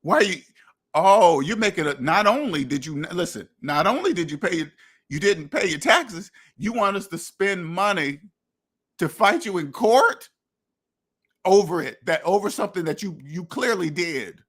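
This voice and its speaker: A man's voice: high voice, expressive, normal speed, fairly bright tone, breathy edge. Blunt, preachy man talking money. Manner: blunt, preachy, acts out imagined dialogues; profane. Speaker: finance podcast host. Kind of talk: casual monologue.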